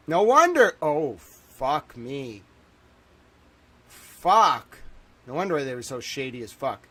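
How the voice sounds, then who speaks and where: A man's voice: medium pitch, very animated, takes it slowly, pauses often, fairly bright tone. A man in his thirties hosting a livestream, panicked and swearing, exclaiming and repeating himself as he talks to his viewers. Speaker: livestream host. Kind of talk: agitated livestream monologue.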